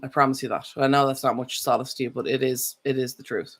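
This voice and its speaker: A woman's voice: extremely low pitch, little pitch movement, fast talker. Chatty woman on a live stream. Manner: rambling, self-correcting, chatty. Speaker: vlogger. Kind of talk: casual live-stream chat.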